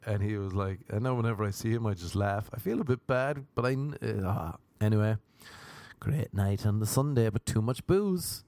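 A man's voice: on the low side, expressive, moderate pace, a little mellow, dry recording. A young Irish man hosting a podcast, telling crude, rambling stories in a casual monologue. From Ireland. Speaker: podcast host.

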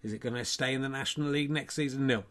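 A man's voice: medium pitch, steady tone, rapid-fire, a bit bright. A man hosting a casual stream, reading out football scores with wry, rambling asides. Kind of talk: casual live-stream chat.

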